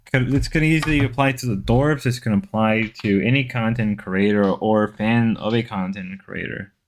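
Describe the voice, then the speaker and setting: A man's voice: lowish voice, normal speed. Rambling male livestream host. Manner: rambling, repeats words, chatty. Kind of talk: casual livestream chat reading viewer comments.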